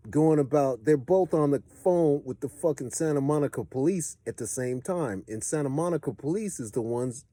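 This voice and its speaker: A man with a Los Angeles accent telling a street story in a profane, streetwise way, swinging between animated bursts and low, muttered asides. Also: no echo, clean studio sound. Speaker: storyteller giving advice. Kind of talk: casual storytelling monologue.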